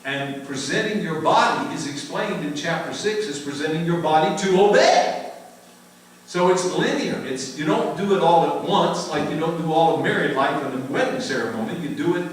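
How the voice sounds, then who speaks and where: An older American man teaching a church Q&A, lively and emphatic, laughing often and repeating words for emphasis. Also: on the high side, moderate pace, slight background noise. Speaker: pastor teaching a Q&A. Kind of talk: conversational Bible teaching. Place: church sanctuary. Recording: very echoey room, mic far off.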